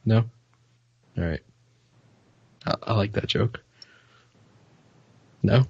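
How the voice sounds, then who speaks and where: Husky low-voiced man, laid-back podcast chat. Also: slow, dry recording, muffled recording. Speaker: podcast co-host. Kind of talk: casual podcast banter.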